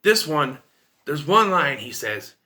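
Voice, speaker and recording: A man with a very bright, sharp voice talks through a film review in a loose, rambling way. He is openly opinionated, his pitch sits a little high and swings widely as he makes his points. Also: very animated, takes it slowly. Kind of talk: casual video review.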